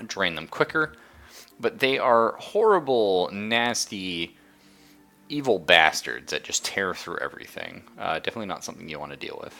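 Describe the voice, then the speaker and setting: Streaming a strategy game, a low-pitched man with a sharp tone chats casually and with enthusiasm, walking through the game's mechanics while he plays.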